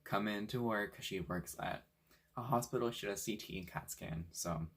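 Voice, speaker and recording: A young male vlogger from Washington State tells a story casually and animatedly, in a fairly low, husky voice at normal speed. He swears a lot and acts out what people said.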